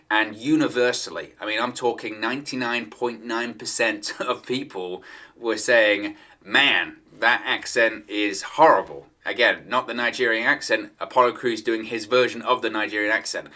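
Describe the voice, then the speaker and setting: A man's voice: on the low side, sharp tone. A man giving solo opinion commentary on wrestling news, in a conversational manner and repeating his points for emphasis.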